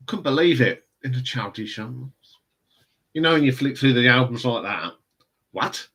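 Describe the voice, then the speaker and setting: A man's voice: medium pitch, fairly bright tone, husky. A man hosting a live stream, chatting casually about records and answering viewer comments in a rambling way. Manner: chatty, rambling, chuckles often.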